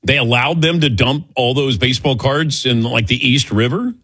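A man's voice: mid-range voice, normal speed, husky, dry recording, clean studio sound. A man hosting a call-in talk show, chatting casually and telling jokey stories. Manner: jokey, animated storytelling. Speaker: radio talk show host.

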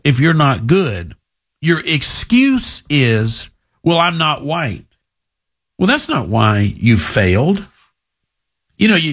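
A man's voice: mid-range voice, fairly bright tone, breathy edge. Blunt, combative male radio host. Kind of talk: opinionated radio monologue.

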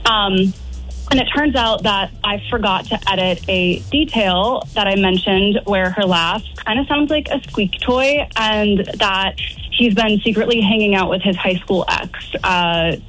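A woman's voice: mid-range voice, measured pace, a bit bright, faint music behind, poor audio. A woman calling in to a radio show, chatty and defensive as she tells her story. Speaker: caller. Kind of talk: casual phone-in story.

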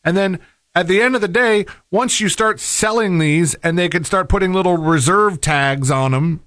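A man's voice: high voice, moderate pace, fairly bright tone, no echo, studio quality. Rambling man co-hosting a talk show. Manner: rambling, many fillers and restarts. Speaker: co-host. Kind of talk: casual chat.

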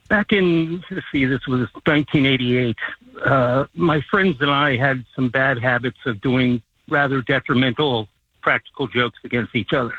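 A man calls in to a radio show and tells a story at an easygoing pace, with a lot of fillers along the way. His voice is a little husky. It comes through a tinny phone line that sounds dry and close. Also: mid-range voice, no echo. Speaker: caller. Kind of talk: telling a story on call-in radio.

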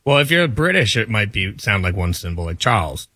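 Brief: male crew member, low pitch, bright edge, dry studio. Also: sing-song, brisk, no echo. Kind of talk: casual studio banter.

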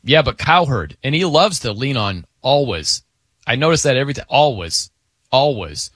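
A man's voice: mid-range voice, sing-song, fairly quick, fairly bright tone, slightly rough, dry recording, studio quality. A man hosting a radio show, chatting casually with a co-host, laughing and mimicking how people pronounce words. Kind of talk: casual on-air banter.

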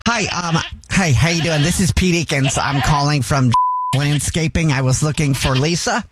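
High-voiced man running a deadpan phone prank. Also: very noisy. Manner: halting, full of ums and restarts, deadpan. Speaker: radio prank caller, host. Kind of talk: phone prank, posing as a landscaper.

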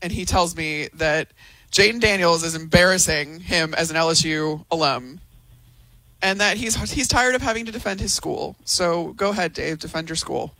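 A woman hosts a casual chat, playful and teasing. Her voice is bright and sharp, recorded close and dry. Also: on the low side, normal speed, dry recording, rough recording. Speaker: podcast host.

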